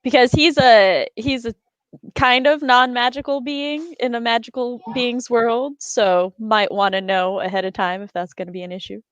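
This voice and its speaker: Woman guest joking around deadpan, kinda high voice, dry close audio. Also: normal speed, clear, resonant tone, dry recording, muffled recording. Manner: playful, deadpan jokes. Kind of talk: casual live-stream chat.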